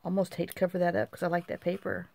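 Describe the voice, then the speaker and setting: Fast and level, her lowish voice gravelly and a little mellow, a middle-aged woman hosts a craft channel in a dry recording. She talks to herself while displaying handmade craft mail, chatty and frequently exclaiming.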